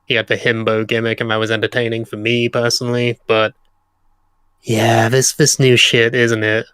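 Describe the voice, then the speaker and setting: This is a podcast co-host with a smooth, resonant voice recorded dry and close. They chip in with wry remarks during casual chat. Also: mid-range voice, flat delivery, moderate pace, fairly bright tone, no room sound.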